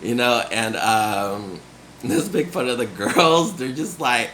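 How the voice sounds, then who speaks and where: A man's voice: medium pitch, takes it slowly, fairly bright tone, slight background noise. A young man from Nevada in a casual, rambling monologue, full of fillers and frequent laughs. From grew up in Nevada. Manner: rambling, filler-heavy, giggly, laughs often.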